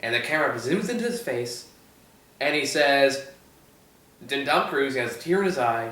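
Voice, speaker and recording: A man's voice: medium pitch, expressive, moderate pace, long pauses, sharp tone, roomy sound, distant mic. A man reviewing a movie in casual chat, rambling through a story and laughing often.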